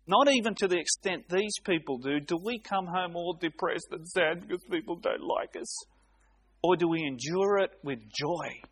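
A man preaching an expository sermon, reading scripture aloud with slow, emphatic delivery and dramatic pauses. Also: fairly high pitch, a bit bright, slightly rough.

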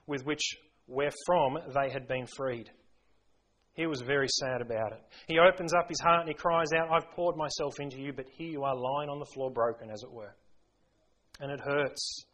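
A man preaching a sermon, earnest and pleading, slowing down to stress key lines of scripture. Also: fairly high pitch, a bit bright. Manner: earnest, pleading, slows down for emphasis.

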